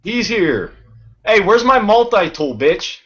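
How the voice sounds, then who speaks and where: A man rambles in loose, casual chat, swearing freely and breaking into laughter often. His voice sits a little high. The recording sounds dull and lo-fi, with a faint hiss underneath. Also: very animated, slow, fairly bright tone. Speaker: channel host. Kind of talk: casual chat among friends.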